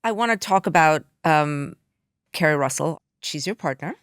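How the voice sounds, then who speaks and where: Young woman interviewer, lower voice, quick curious prompts, dry studio feel. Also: expressive, smooth, no room sound. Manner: curious, brief prompts and follow-ups. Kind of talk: interview questions.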